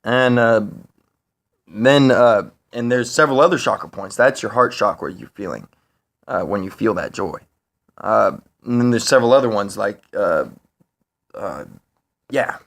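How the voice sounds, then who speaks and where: A man talking to camera in a rambling, profane monologue, full of fillers and restarts, getting higher and louder when he is worked up. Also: unhurried, vocal fry, long pauses. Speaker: vlogger. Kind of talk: casual monologue.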